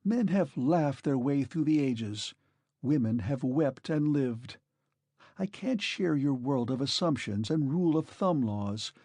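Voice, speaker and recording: A man's voice: medium pitch, lively intonation, measured pace, mellow, no room sound. A man reading an audiobook, voicing a serious, idealistic woman who speaks firmly and fervently. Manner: firm, fervent.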